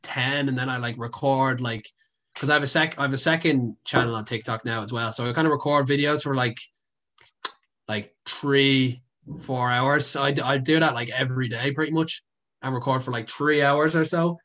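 A man's voice: mid-range voice, fairly even intonation, normal speed, a bit bright. A young Irish man chatting as a guest, telling stories in a rambling way full of fillers and swearing. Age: young adult. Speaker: guest, content creator. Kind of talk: casual storytelling.

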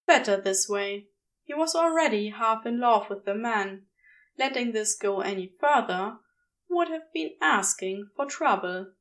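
Woman reading a fanfic aloud, slow and measured, a bit far from the mic. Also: a little high, expressive. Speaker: podfic reader. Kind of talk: audiobook narration.

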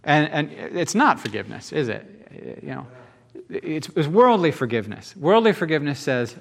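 A male pastor delivering a sermon in an easygoing, folksy manner. His voice sits somewhat high for a man, and he keeps checking in with rhetorical questions. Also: sing-song, moderate pace, gravelly, fairly bright tone.

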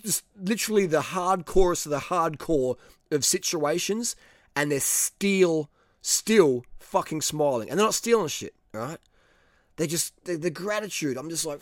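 A middle-aged man with an Australian accent, talking straight to the viewer in a blunt, animated way and swearing freely. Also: on the high side, dry recording, clean studio sound. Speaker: travel vlogger. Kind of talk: casual monologue.

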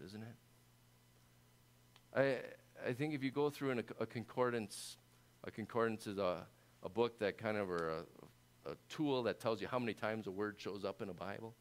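A middle-aged man preaching a sermon in a conversational, animated way with frequent restarts. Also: fairly low pitch, normal speed, pauses often. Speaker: pastor.

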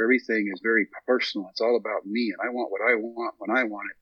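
This fairly low, slightly breathy voice belongs to a man in his thirties from Texas. He's an interview guest telling a long story with lively impressions of people's quotes. The recording is dry and the audio sounds dull.

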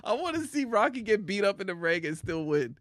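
Lively, teasing man hosting a chat show. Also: high-pitched, fairly quick, no echo, studio quality. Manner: laughs often, playful teasing. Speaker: podcast co-host. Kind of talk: casual chat.

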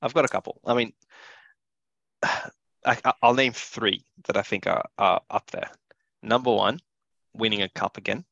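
A man's voice: on the low side, measured pace, vocal fry, pauses often, a bit bright, no room sound, muffled recording. A young man co-hosting a casual football podcast, blunt and opinionated, tripping over repeated words when he gets going. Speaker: podcast co-host. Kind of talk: casual chat.

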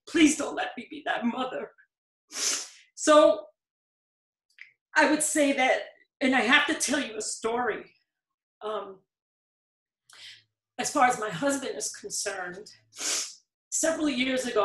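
Earnest middle-aged woman, high voice. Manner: earnest storytelling, rising to pleading emphasis. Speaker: interviewee. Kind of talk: personal testimony in conversation. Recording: echoey room.

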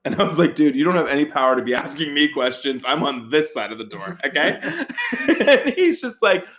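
A man tells friends a wild story, casual, profane and animated, acting out the quoted lines with big jumps in his voice. His voice is a little high and his delivery brisk.

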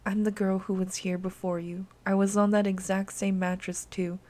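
A woman voicing a soft, soothing girl ghost. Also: mid-range voice, normal speed, lightly acted. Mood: gentle. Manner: soft, calm, reassuring. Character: gentle protective ghost of a young girl.

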